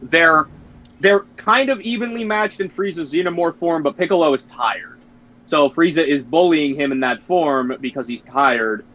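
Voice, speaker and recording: A man's voice: on the high side, normal speed, fairly bright tone. A young man streaming, talking casually and animatedly, cursing and laughing as he retells scenes. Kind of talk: casual chat. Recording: dull lo-fi stream audio.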